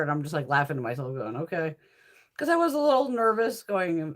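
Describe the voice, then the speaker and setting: A chatty woman talking casually as she swatches makeup for her viewers. Her pitch swings up and down with a lot of life, and she drops swear words and laughs easily. She talks back to viewers' comments in a loose, unscripted way. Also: very animated, fast talker. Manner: chatty, profane, laughs often; answers viewers' live comments. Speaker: beauty haul host.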